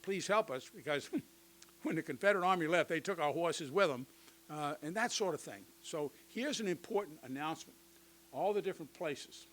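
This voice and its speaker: An older man giving a conversational history lecture to teachers, with lively asides and touches of humor. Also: on the high side, moderate pace, a little hiss or hum, low-quality recording. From United States.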